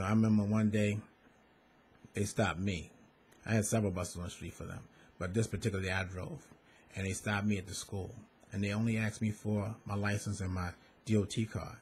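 A school bus safety advocate, formerly a bus contractor from Maryland, urges parents directly and earnestly, going over his points again and stressing them. His voice is on the low side with a darkish tone, and a little hiss or hum can be heard.

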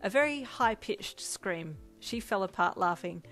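A woman reading a second-person fanfiction story aloud in an even storytelling manner. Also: mid-range voice, a little slow, faint music behind. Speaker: fanfic reader.

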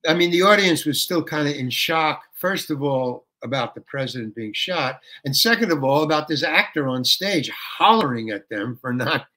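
An older man telling a story as an interview guest, animated and colloquial, often saying "man" and "you know". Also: a little high, normal speed, hardly any pauses.

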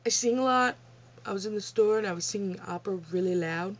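A woman's voice: medium pitch, fast talker, slight background noise. A young woman telling childhood stories in a casual vlog Q&A, blunt and profane, often laughing at herself. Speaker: vlogger. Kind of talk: casual storytelling Q&A. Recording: dull lo-fi home recording.

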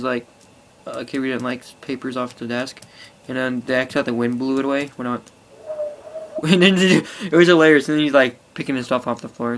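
A man's voice: mid-range voice, fairly bright tone, a little hiss or hum. A teenage boy rambling casually to an iPod camera, full of fillers and swearing. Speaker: vlogger. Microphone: phone or iPod held close.

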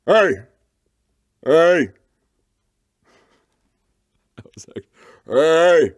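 A man's voice: deep voice, lively intonation, slow pace, darkish tone, no echo, studio quality. A drunk man chatting casually on a stream, giggling and rambling. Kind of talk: casual live-stream chat.

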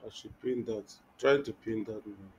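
A man's voice: fairly low pitch, darkish tone, a little hiss or hum. Guy teaching web code on a call, lots of um and restarts, muffled lo-fi audio. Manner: halting, thinks aloud with many restarts and fillers. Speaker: web development instructor. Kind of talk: live online coding class.

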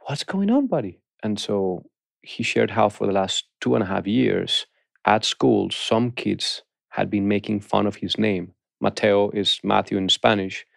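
A man with a low voice, full of gravel, tells a personal story as a guest in a recording studio. He talks earnestly and haltingly, often starting his words over. The studio sound is dry and close. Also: no room sound. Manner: earnest, halting, with soft restarts.

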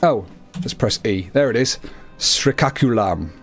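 A young man talks through a co-op strategy game in a loose, chatty way, with a voice of ordinary pitch. He is self-amused and rambles as he goes. Faint music sits behind him. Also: moderate pace, darkish tone. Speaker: game commentator. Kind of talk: casual co-op gameplay chat.

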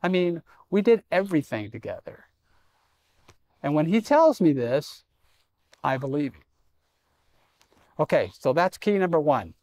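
A man's voice: on the high side, sing-song, measured pace, pauses often, mellow. Middle-aged man preaching a folksy sermon. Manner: conversational, self-deprecating humor. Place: church sanctuary.

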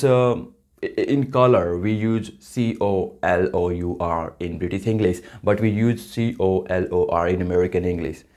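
Indian man, English tutor, low voice, earnest and halting, lots of restarts. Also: darkish tone. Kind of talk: casual spoken-English tutorial.

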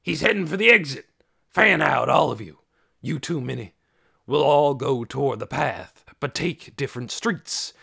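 A man shouting as a bossy gruff captor. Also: mid-range voice, big pitch swings, measured pace, pitched above the performer's own voice, exaggerated voice. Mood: barking orders. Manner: shouting orders. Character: bossy gruff adult male captor, bellowing orders.

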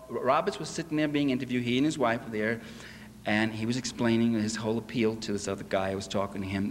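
A man's voice: mid-range voice, a bit bright, a little hiss or hum. Sarcastic male lecturer in an echoey hall. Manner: sarcastic, mocking delivery with acted quotes. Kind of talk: public lecture to a convention audience. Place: convention hall. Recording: echoey hall with faint ambience.

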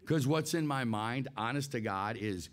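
A man in his sixties, a guest voice actor, telling an anecdote in a casual, animated way, laughing often and acting out scenes. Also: medium pitch, moderate pace, heavy background noise.

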